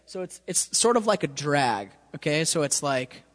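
A man's voice: a little high, very animated, moderate pace, noisy background. A man giving a casual, hands-on drum lesson, often stopping to ask if the student follows. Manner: casual, checks understanding with frequent "okay?". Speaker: drum teacher. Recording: reverberant room with drums playing.

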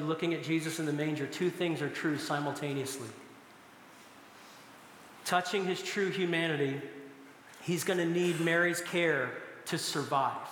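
A middle-aged man's fairly high, somewhat bright voice carries a little hiss or hum as he preaches. The pastor's sermon is full of stories and bursts of laughter, recorded in an echoey hall with long reverb.

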